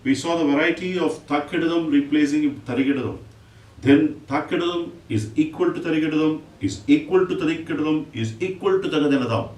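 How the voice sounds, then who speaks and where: A man's voice: fairly high pitch, a little mellow. Man, rhythm teacher, recites drum syllables, echoey room, off-mic. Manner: explains step by step, then recites drum syllables in quick bursts. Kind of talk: music lesson. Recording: echoey room, mic at a distance, faint noise.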